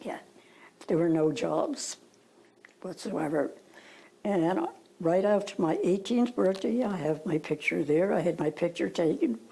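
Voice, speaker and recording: A woman's voice: fairly low pitch, lively intonation, unhurried, gravelly, mellow, breathy edge, low-quality recording. An older woman with an Irish accent, telling stories from her past in a rambling, hesitant way with fillers and asides. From Ireland. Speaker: interviewee. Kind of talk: reminiscing storytelling.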